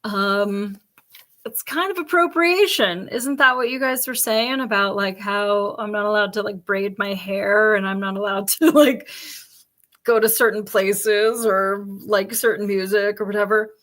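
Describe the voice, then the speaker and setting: A woman's voice: mid-range voice, measured pace. Blunt, profane woman host. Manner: blunt and profane, animated asides. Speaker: podcast host. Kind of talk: casual chat.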